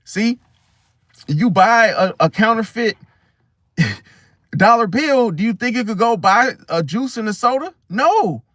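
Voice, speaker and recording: A man's voice: sits high, lively intonation, slow pace, pauses often, a bit bright, dry recording, studio quality. A man giving a casual, preachy monologue about astrology, full of slang and rhetorical questions like "See?". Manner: slangy, blunt, swears casually. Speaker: astrology vlogger.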